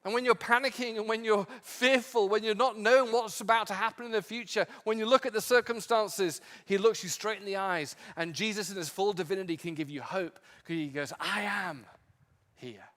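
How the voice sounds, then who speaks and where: A male pastor preaching a sermon with impassioned emphasis, swinging from strong peaks to quiet, low passages. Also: steady tone, brisk, hardly any pauses, in a large hall. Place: church sanctuary.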